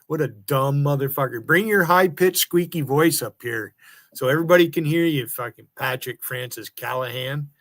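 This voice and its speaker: A man's voice: fairly high pitch, moderate pace, a bit bright. A man ranting angrily on a livestream, taunting and cursing at rival streamers and chatters. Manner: angry, profane, taunting. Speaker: live streamer. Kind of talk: profane livestream rant.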